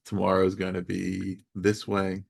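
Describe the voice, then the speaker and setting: Low gravelly-voiced male podcast host. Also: monotone, normal speed. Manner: emphatic, builds points in lists. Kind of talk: conversational interview.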